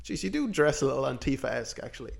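A man's voice: mid-range voice, very animated, quick pace, gravelly. A man co-hosting a casual comedy podcast, teasing and sarcastic, swearing freely. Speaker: podcast co-host.

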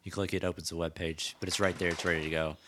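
A man's voice: deep voice, flat delivery, quick pace, background noise. A man co-hosting a podcast, chatting casually and enthusiastically about gadgets. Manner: enthusiastic, acts out quoted voices. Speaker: podcast co-host. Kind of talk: casual chat.

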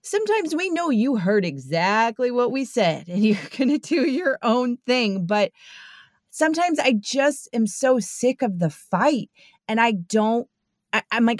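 A woman's voice: fairly high pitch, very animated, a little slow, no room sound, clean studio sound. A woman hosting a podcast, talking in an earnest, rambling way with frequent restarts. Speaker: podcast host. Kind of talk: casual interview chat.

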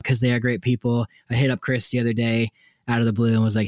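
A young man co-hosting a podcast, telling stories in a casual, animated way with lots of laughter. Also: brisk, dry recording, studio quality. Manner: animated, laughing, frequent likes and jumpy pitch. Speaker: podcast co-host. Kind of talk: casual storytelling chat.

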